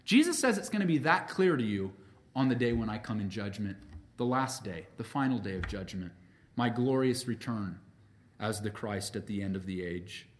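A man preaching a sermon as pastor, emphatic, swinging between loud peaks and quiet drops, calling his listeners friends. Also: fairly low pitch, expressive, normal speed. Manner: addresses the congregation as friends.

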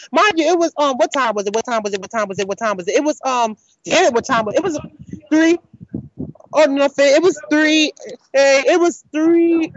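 A young woman hosting a podcast, telling a rambling, animated story about her college day and swearing freely. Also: high voice, dry recording. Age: young adult. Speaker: podcast host. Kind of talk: casual storytelling monologue. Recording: dull lo-fi dry sound.

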